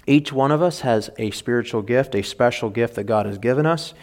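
A man's voice: medium pitch, a little fast, a little mellow. Man preacher, earnest sermon, reads a story then talks it through loosely. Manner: earnest, rambling, restarts mid-thought. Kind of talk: sermon with a story read aloud.

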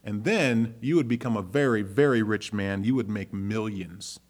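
A man voicing a pushy American businessman in a sermon story, speaking high and loud. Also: moderate pace, close to an everyday voice.

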